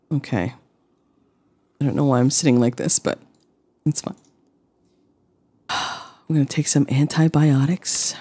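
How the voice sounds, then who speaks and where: Woman streamer, low voice, slow drawl, rambling deadpan gameplay chatter. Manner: rambling, deadpan jokes to chat. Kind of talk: casual gameplay commentary.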